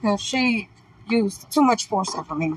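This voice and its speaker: A woman quietly pleading and complaining to officers while being arrested. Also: mid-range voice, expressive, a little slow, slight background noise, low-quality recording. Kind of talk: talking to officers during arrest.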